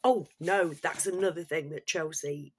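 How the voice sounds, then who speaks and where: A woman's voice: low-pitched, moderate pace, husky. A woman ranting bluntly and swearing freely, in an exasperated casual monologue. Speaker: commentator.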